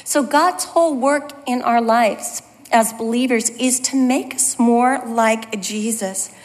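A woman's voice: a little high, slow pace. A woman teaching a Bible study in a conversational, self-deprecating storytelling manner. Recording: long hall reverb.

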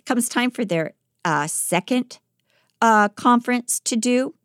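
A woman podcast host telling a life story in a lively, dramatic way, acting out the quoted lines. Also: a little high, slow, smooth, no room sound, studio quality. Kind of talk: animated storytelling.

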